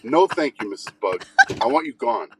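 A male caller from north of Boston, gushing with fan enthusiasm. His pitch swings up and down a great deal as he talks, bouncing between excitement and mock outrage. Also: moderate pace, heavy background noise. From Massachusetts, north of Boston. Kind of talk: recorded listener message.

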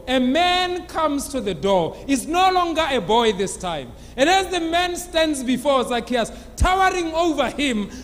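A male pastor telling a sermon story with dramatic, animated delivery. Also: extremely high pitch, big-room sound. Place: church.

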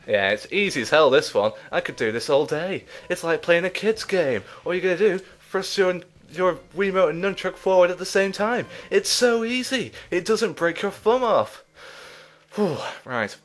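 Man, let's play commentary, winded, self-deprecating, fairly high voice. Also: lively intonation, normal speed, fairly bright tone, faint music behind. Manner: chatty, self-mocking, laughs often. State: out of breath. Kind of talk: casual gameplay commentary.

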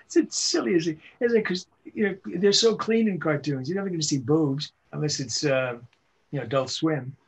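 A man in his seventies, a veteran voice actor, telling animated show-business anecdotes during a casual interview. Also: on the high side, a little fast, slightly rough, poor audio. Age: 70s. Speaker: voice actor guest.

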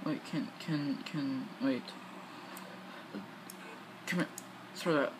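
A man giving casual gameplay commentary, excitable, talking back to the game, swearing and laughing. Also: a little high, drawn-out words, noisy background. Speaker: gaming channel host.

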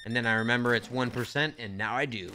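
A man's voice: medium pitch, quick pace, sharp tone, slight background noise. A young man giving casual, slangy commentary while playing a store game, talking to himself and to the characters on screen. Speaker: gaming streamer.

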